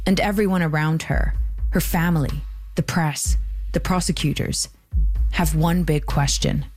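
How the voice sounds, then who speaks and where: A woman hosting and narrating a documentary podcast in a measured, scripted delivery. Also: low voice, faint music behind. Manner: measured, even storytelling delivery.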